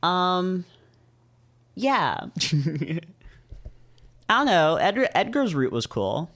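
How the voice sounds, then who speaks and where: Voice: medium pitch, very animated, takes it slowly, a bit bright. A visual novel reader reading aloud and commenting casually, rambling and hesitant with frequent fillers and restarts.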